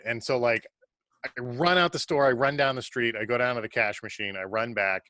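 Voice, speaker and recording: A man tells a casual, animated story as a guest on a video call. His voice is bright and quick, and he says "like" often. The sound is dry and close. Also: mid-range voice, dry recording. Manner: animated, fast-paced storyteller who uses lots of "like".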